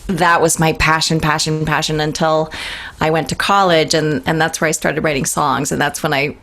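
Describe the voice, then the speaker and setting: A middle-aged woman from Boston with a Boston accent, chatting as an interview guest over a remote call, playful and quick to laugh. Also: low voice, little pitch movement, creaky, a bit bright. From Boston, USA. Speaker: guest singer-songwriter. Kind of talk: casual remote interview chat.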